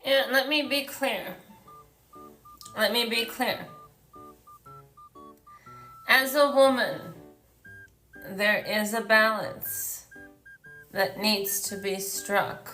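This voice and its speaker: A woman doing an impression of a poised woman politician, speaking slowly and deliberately with drawn-out phrases. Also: reverberant, soft background music, exaggerated voice, rough recording. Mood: measured. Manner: slow, drawn-out, lively pitch.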